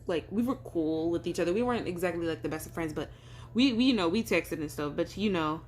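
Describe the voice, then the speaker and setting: A woman's voice: lowish voice, expressive, fast, a little hiss or hum. A woman telling a personal story in casual vlog chat, rambling with lots of fillers and acting out what people said. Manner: rambling, filler-heavy, acts out quoted dialogue.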